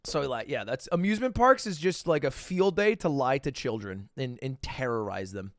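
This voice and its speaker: A young man streaming from home, telling a story to his chat in a casual, animated way, jumping into high voices when he quotes people. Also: moderate pace, dry recording, clean studio sound.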